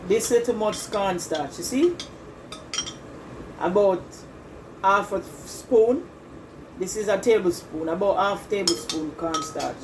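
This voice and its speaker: A woman's voice: mid-range voice, slow, long pauses, background noise. A woman hosting a casual home cooking demonstration in a kitchen, chatting straight to her viewers and repeating herself as she goes. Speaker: cooking channel host.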